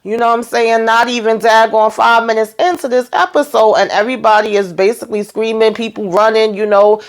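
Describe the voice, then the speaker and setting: A woman vlogger giving a casual, sassy episode recap, chatty and swearing freely. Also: medium pitch.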